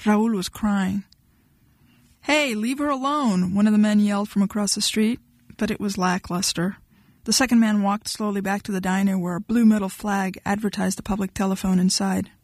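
A woman narrates an audiobook in a steady, even storytelling voice at a middle pitch. The recording is dry and close, with no room echo at all. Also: a little fast.

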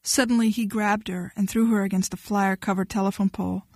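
A woman reading a novel aloud as narrator, in a steady storytelling manner. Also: medium pitch, a little fast, a little hiss or hum. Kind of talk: audiobook narration.

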